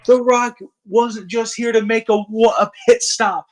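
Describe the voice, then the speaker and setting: A man doing an impression of a boastful male pro wrestler, drawing out shouted catchphrases and trash-talking. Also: very high voice, fairly even intonation, measured pace, voice pushed up, rough recording.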